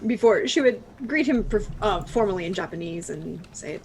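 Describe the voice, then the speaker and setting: A woman's voice: medium pitch, lively intonation, moderate pace, few pauses, a little mellow, slight background noise. A woman playing a tabletop game over a video call, chatty and self-mocking. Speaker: player. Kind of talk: casual tabletop play.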